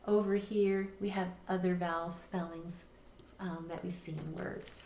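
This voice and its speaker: A woman's voice: lowish voice, fairly even intonation, measured pace, dark tone. A woman teaching a reading lesson, patiently spelling words out letter by letter. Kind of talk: recorded phonics lesson. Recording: echoey room with faint noise.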